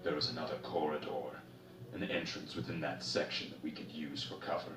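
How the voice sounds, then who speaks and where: Stern, commanding space marine corporal with a low voice, heard from a distance in an echoey, noisy room as a man reads him. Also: fairly even intonation, fairly quick, music in the background. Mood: calm. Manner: commanding, clipped orders. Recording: roomy, distant, noisy ambience.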